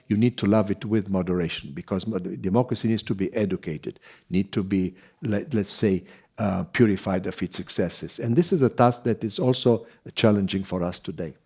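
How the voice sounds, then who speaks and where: A man speaking as a guest scholar in an academic conversation, thoughtful and halting, with many fillers and restarts. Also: on the low side, mellow, husky.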